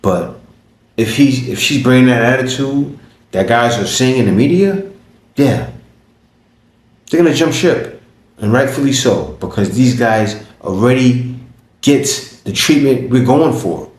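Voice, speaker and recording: A man hosting a reaction video, commenting in a casual, animated way and asking rhetorical questions. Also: medium pitch, measured pace, roomy sound.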